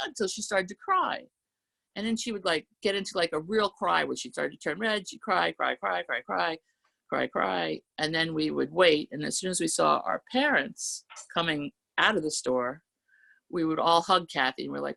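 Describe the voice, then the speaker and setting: A woman poet on a video call reading her poems slowly and telling chatty stories between them. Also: deep voice, vocal fry, fairly bright tone. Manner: slow, measured reading of verse, then chatty storytelling. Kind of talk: poetry reading with anecdotes.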